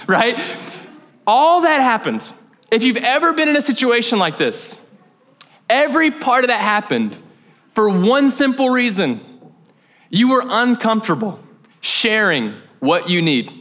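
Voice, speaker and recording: A man's voice: high-pitched, sing-song, normal speed, pushed and bright, big-room sound. A man preaching a sermon as pastor, telling a funny story and acting out little scenes with lots of energy. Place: church hall.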